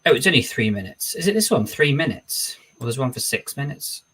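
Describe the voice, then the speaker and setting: A male streamer with a slightly husky, breathy voice at a middle pitch. He talks in a loose, chatty way, reading out viewer comments and replying to them on the fly. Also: big pitch swings, fairly quick, bright, forceful tone. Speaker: streamer host. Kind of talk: casual live-stream chat.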